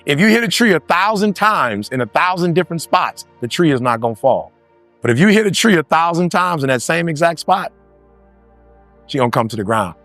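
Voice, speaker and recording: A man's voice: medium pitch, no echo. Man, motivational speaker, emphatic, dry close sound, faint music underneath. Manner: animated, emphatic, repeats lines, acts out other voices. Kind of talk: motivational speech.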